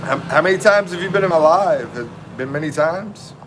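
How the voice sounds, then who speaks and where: A middle-aged man with a drawl hosts a relaxed live stream. He chats loosely with viewers and greets them by name, his voice sitting a little higher than most men's. Loud air-conditioner hum and traffic noise run under him. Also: normal speed. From North Carolina, US. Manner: laid-back, chatty, greets viewers by name. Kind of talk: casual live-stream chat.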